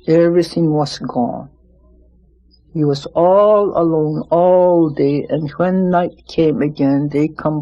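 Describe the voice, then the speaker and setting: Slow, mellow storyteller telling a legend. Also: mid-range voice, lo-fi sound. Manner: slow, unhurried, plain spoken storytelling with restarts. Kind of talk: oral telling of a traditional legend.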